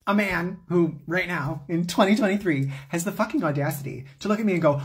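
Husky, sassy man telling a story. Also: high-pitched, brisk, hardly any pauses. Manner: sassy, profane, theatrical. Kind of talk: casual storytime vlog.

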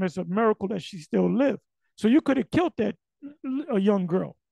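High, gravelly man, blunt and profane. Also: darkish tone, no echo, poor audio. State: losing his voice. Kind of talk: casual monologue.

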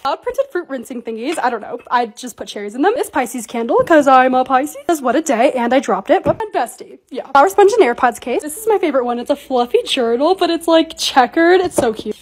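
Bubbly, high, fast-talking young woman. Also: expressive, darkish tone. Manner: bubbly, gushing over cute things. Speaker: content creator. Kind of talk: voice-over vlog narration.

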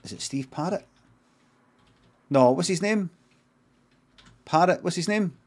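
A middle-aged Scottish man improvising a comic story, rambling and deadpan, swearing freely and drifting off on tangents. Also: sits high, a little slow, breathy edge. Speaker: streamer.

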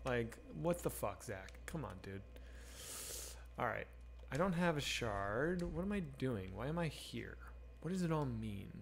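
Gravelly and sing-song, his mid-range voice moves unhurriedly over a little hiss or hum. He's a streamer reading chat as he plays, talking to viewers in a profane, rambling, candid way.

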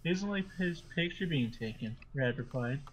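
A man's voice: medium pitch, animated, normal speed, poor audio. A man hosting a podcast, reading silly stories aloud to friends and often breaking into laughter as he stumbles through them. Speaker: podcast host.

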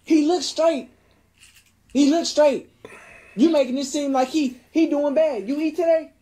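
A high-pitched man with a Southern US accent argues hard, hammering the same words again and again. He keeps calling her "bro" as he presses his point. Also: fairly even intonation, unhurried, warm tone, rough recording. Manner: repetitive, confrontational, calls her "bro". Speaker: father filming an argument. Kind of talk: heated argument.

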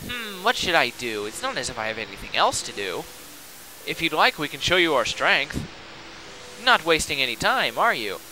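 A man's voice: a little high, big pitch swings, normal speed, pushed and bright, heavily acted, poor audio. Sylph, a man voicing a childish wind spirit. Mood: lofty. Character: childish male wind spirit, lofty and teasing. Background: game music.

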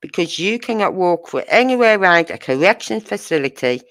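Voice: medium pitch, expressive, fairly quick, a bit bright. A true crime channel host giving casual commentary, asking sarcastic rhetorical questions and using blunt, crude slang.

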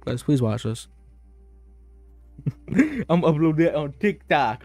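A young man rambling over his gameplay in a cocky, joking way, his voice sitting high and swooping all over the place. He keeps hyping himself up with playful swagger, and faint music runs underneath. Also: very animated, takes it slowly, a little mellow, no echo. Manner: boastful, playful, hyped-up and repetitive. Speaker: gaming YouTuber. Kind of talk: casual gameplay commentary.

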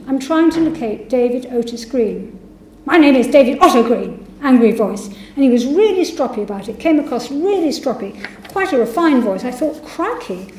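A woman with a high-leaning, dark-toned voice gives a public university lecture in an echoey lecture hall, with slight background noise. She reads testimonies aloud and voices the people being quoted.

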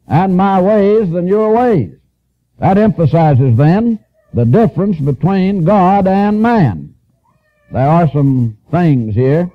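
A man preaching a sermon, with slow, emphatic, repeated phrases, reading scripture aloud in an old-fashioned cadence. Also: mid-range voice. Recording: tinny, lo-fi archival radio recording.

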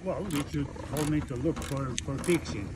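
A man's voice: on the high side, moderate pace, noisy background. A middle-aged man from Kosovo with a heavy Albanian accent, a body shop mechanic talking bluntly in broken English.

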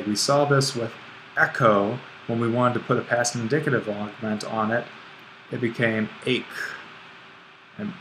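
A man with a bright, forward voice gives a screencast grammar lecture, thinking aloud and catching his own slips as he writes on the board. A faint hiss runs underneath the recording. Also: mid-range voice, poor audio. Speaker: Greek instructor.

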